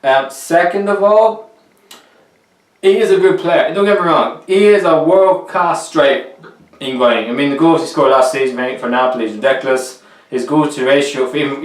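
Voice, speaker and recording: A man's voice: mid-range voice, far from the mic. Chatty young man with roomy echo. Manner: chatty, rambling, opinionated, restarts sentences. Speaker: football vlogger. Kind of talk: casual football transfer commentary. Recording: roomy echo, a little off the mic.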